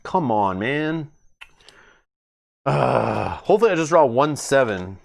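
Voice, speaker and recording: A man's voice: medium pitch, very animated, slow pace, creaky. A man streaming a solo card game playthrough, thinking aloud as he reads cards, laughing often. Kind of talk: casual solo playthrough commentary. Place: home gaming table.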